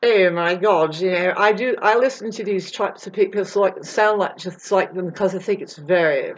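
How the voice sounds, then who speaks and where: A woman talking in a rambling, meandering monologue, jumping between loud bursts and low mutters and swearing freely. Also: normal speed, hardly any pauses, a little hiss or hum. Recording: dull lo-fi sound.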